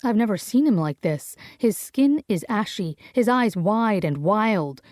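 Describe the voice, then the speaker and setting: A woman's voice: medium pitch, lively intonation, unhurried, darkish tone, no echo, studio quality. Woman narrating a first-person romance. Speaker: audiobook narrator.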